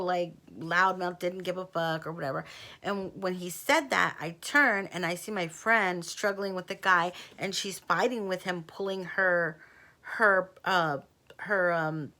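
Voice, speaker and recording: A woman's voice: mid-range voice, sharp tone. A woman from Texas telling a personal story in a casual storytime vlog, candid and rambling, with many "like" and "you know what I mean" fillers. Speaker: vlogger.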